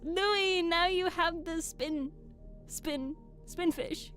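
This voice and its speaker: A young woman, a streamer and audiobook reader, chats and jokes casually with her live-stream viewers at the microphone. Her voice is very high, slow, and a bit bright. Soft music plays in the background.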